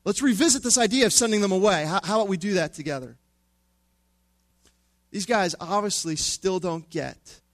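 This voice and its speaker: High-voiced, conversational male preacher. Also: dry recording. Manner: conversational, humorous, drops to hushed emphasis. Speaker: pastor. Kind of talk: sermon.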